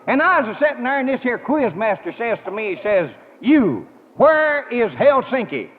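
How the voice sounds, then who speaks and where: A man's voice: very high-pitched, expressive, fast talker. A man telling a folksy comedy monologue on a live stage, drawling his punchlines and laughing at his own jokes. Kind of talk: rural stand-up comedy monologue. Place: large auditorium stage with live audience. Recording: tinny, noisy 1950 radio broadcast with hall echo.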